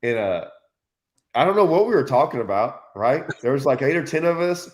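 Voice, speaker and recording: A man hosting a fishing show chats casually, telling a story with laughter and acting out what others said in quick voiced quotes. His voice sits in a middle range for a man, with lively intonation.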